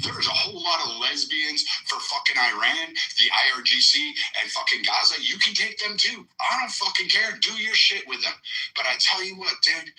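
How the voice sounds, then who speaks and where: A man's voice: on the high side, pushed and bright, rough recording. Fired-up, foul-mouthed ranting man. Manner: profane, aggressive, mocking rant. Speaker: participant in a live audio chat room. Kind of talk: heated live audio-room debate.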